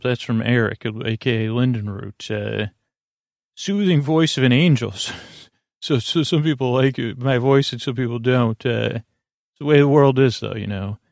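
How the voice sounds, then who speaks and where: A man with a gravelly voice rambles through listener reviews on his sleep podcast, halting and restarting often. The recording is dry and close. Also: mid-range voice, dry recording. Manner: meandering, halting, many fillers and restarts.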